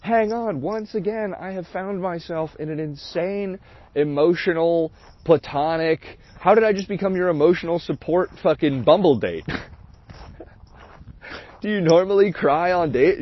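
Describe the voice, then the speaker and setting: A man hosting a stream, telling a story in a candid, rambling, profane way with frequent laughter. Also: on the high side. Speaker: host of a livestream. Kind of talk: casual storytelling. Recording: dull, dry lo-fi sound.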